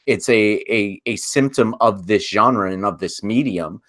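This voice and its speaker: A man with a fairly low voice hosts an analytical podcast discussion. He talks thoughtfully, pausing to find the right words, and his voice sounds close and dry with no room echo. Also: fairly bright tone. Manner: thoughtful, searching for words mid-sentence. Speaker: podcast host.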